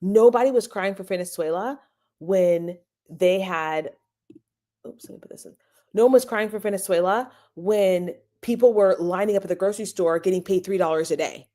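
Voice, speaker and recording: A woman's voice: medium pitch, moderate pace, mellow. A woman hosting a podcast, giving opinionated commentary and stressing points by repeating them. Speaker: podcast host.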